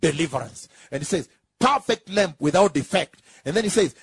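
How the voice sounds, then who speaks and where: Husky high-voiced man preaching a sermon. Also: lively intonation, dry recording. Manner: emphatic and repetitive, rising into drawn-out shouts; asks the congregation for confirmation.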